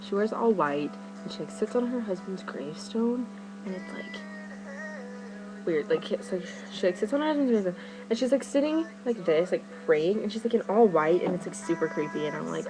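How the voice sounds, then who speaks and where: A teenage girl vlogging to her webcam, telling a story excitedly and rambling with "like" in nearly every phrase. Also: medium pitch, a little fast, low-quality recording. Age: teens. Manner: rambling, fillers, "like" constantly. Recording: music playing behind her.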